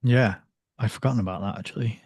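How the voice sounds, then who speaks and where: A man with a mellow, dark-toned voice hosts a relaxed book discussion. He reads passages aloud and chuckles between lines, recorded close and dry. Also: fairly low pitch, fast talker, slightly rough, dry recording. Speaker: podcast host.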